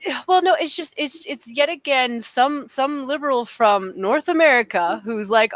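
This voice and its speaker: A woman with a fairly high voice holds forth in casual podcast chat, emphatic and opinionated and often restarting her sentences. The sound is dry and close, with no room in it. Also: moderate pace, hardly any pauses, no echo. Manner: animated, emphatic, with frequent restarts. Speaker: podcast co-host.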